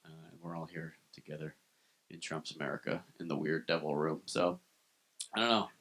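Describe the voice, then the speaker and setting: A man doing a live stand-up set in a comedy club, telling dark, self-deprecating jokes and talking with the crowd. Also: extremely low pitch, fairly even intonation, a little fast.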